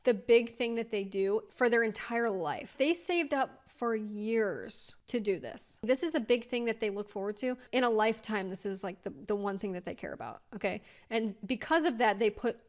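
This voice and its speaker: A woman's voice: fairly high pitch, normal speed, few pauses. Emphatic woman commentary host. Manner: emphatic, addresses viewers directly. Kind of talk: casual commentary.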